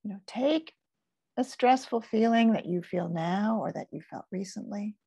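An older woman teaching in a gentle, soothing manner, sometimes dropping to a soft whisper. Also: medium pitch, normal speed, gravelly, slightly rough, dry recording. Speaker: focusing teacher. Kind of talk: gentle guided teaching talk.

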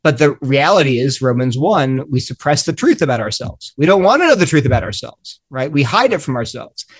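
A man's voice: medium pitch, sing-song, a little fast. A middle-aged man talking earnestly in a discussion, acting out short dialogues and often restarting his sentences. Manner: earnest, acts out little dialogues, frequent restarts. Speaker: guest author. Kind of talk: animated discussion.

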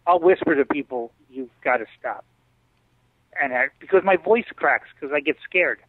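Male guest, animated storyteller, slightly high voice, dry phone-like call audio. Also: fairly quick, dry recording. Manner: animated storyteller, acts out others' lines. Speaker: interview guest. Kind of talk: storytelling in a casual interview. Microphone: video call.

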